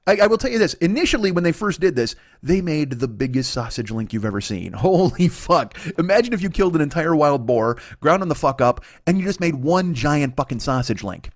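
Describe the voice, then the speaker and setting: A man in his forties hosting a comedy podcast, riffing through a profane, excitable monologue. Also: a little high, a little fast, hardly any pauses, no room sound, clean studio sound. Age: 40s.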